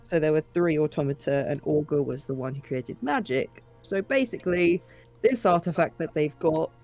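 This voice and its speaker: A player in a tabletop game recapping the last session in a loose, chatty way, laughing often and swearing freely. Faint music plays softly underneath. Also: medium pitch, normal speed.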